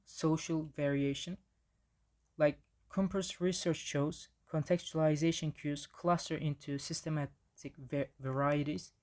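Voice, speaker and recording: A man's voice: a little high, fairly even intonation, a little slow, a little mellow. A man giving a casual slide presentation on language in the classroom, with frequent restarts and fillers.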